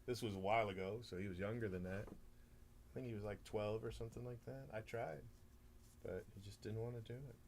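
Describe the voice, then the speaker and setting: A man's voice: on the low side, steady tone, brisk, darkish tone, slight background noise. A man hosting a live card break stream, chatting casually, laughing often and rattling off player names.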